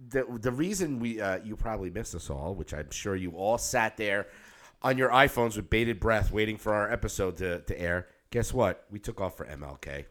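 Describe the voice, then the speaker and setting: A middle-aged man with a somewhat low voice, co-hosting a podcast. He talks in a loose, rambling way and swears freely. He sounds tired. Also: lively intonation, moderate pace, a bit bright. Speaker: podcast co-host. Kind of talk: casual chat.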